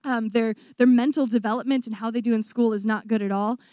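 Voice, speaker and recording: A young woman in her twenties who is a missionary, giving an animated testimony to a church audience and acting out the voices she quotes. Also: a little high, a little fast, clear, resonant tone, no room sound. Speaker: missionary speaker.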